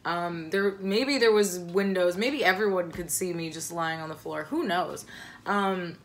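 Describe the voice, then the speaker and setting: A young woman casually telling a personal story, rambling with many likes and ums and swearing freely, her voice jumping shrill and loud when she quotes herself. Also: a little slow, a little hiss or hum.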